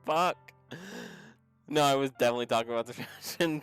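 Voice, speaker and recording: Guy streamer yelling jokes at chat, clear resonant voice, mid pitch. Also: measured pace, long pauses, faint music behind. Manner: loud, joking asides to chat, swearing. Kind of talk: live game commentary.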